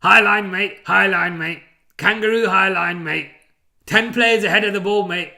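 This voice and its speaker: A man's voice: sits high, moderate pace, vocal fry, sharp tone, pitched above the performer's own voice, full character voice. A man doing an impression of a brash middle-aged football manager, ending every phrase with "mate". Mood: insistent.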